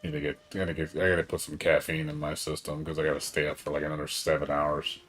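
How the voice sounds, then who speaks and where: On a live game stream, a man with a rumbling low voice talks fast and casually, rambling excitedly and swearing a lot, worn out after staying up all night.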